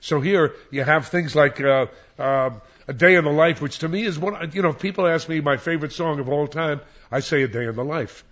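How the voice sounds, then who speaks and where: A man's voice: a little high, a little fast. Older man reminiscing, dull lo-fi sound. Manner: rambling, animated storyteller with many restarts. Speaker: radio disc jockey. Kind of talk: reminiscing interview answers. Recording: dull lo-fi recording.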